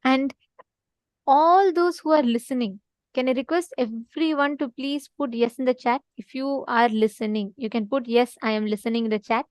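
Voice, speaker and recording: High-voiced earnest woman teaching. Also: moderate pace, no echo. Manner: earnest, repeats for emphasis, asks listeners to respond. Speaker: spiritual teacher. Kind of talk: online teaching session with a story.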